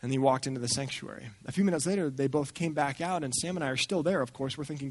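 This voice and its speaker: A man speaking at a church gathering, telling a story in an animated way and acting out the people he quotes. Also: fairly high pitch, fast, dry recording. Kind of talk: storytelling talk.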